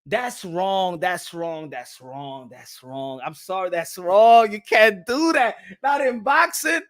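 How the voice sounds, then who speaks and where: A man giving casual boxing reaction commentary, excitable and profane, laughing often and repeating himself. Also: sits high, takes it slowly, few pauses.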